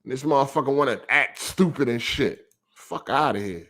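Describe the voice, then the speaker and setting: A man's voice: medium pitch, lively intonation, normal speed, bright, forceful tone. A man hosting a livestreamed gaming podcast, ranting with heavy profanity and reading viewer super chats aloud. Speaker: podcast host.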